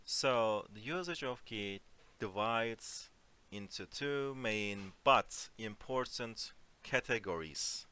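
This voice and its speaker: A man teaching an online Turkish lesson in English, explaining phrases slowly and giving spoken examples. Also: lowish voice, expressive, sharp tone, smooth. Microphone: computer mic on a voice call.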